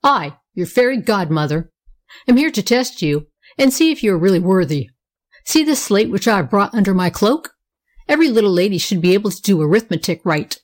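A woman's voice: mid-range voice, very animated, a little fast, close to an everyday voice. A woman voicing an old fairy godmother with a cracked, wavering, stern manner. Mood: solemn. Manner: stern, testing.

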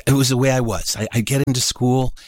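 Telling a childhood story on stage, a man with a medium-pitched voice talks fast and animatedly, acting out each character's voice. The recording is dry and studio-clean.

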